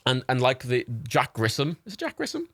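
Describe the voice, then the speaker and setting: Lively man chatting while gaming. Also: mid-range voice, brisk, no room sound. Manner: rambling, swearing, laughing storyteller. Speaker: livestream gamer. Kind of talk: casual gaming stream chat.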